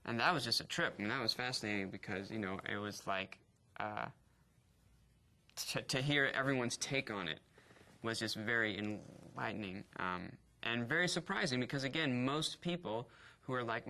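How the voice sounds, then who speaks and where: A man's voice: mid-range voice, lively intonation, moderate pace, sharp tone. A man in his thirties, an actor, telling his own story in a candid, reflective way, with stutter blocks and repeated sounds. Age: 30s. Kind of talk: personal interview testimony.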